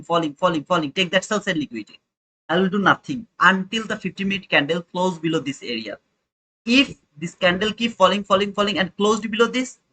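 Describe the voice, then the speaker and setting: A man's voice: high-pitched, sharp tone, a little hiss or hum, poor audio. A young man hosting a live trading stream, talking informally to his chat and repeating his points. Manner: informal, repetitive, talks to chat viewers. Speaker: trading livestream host.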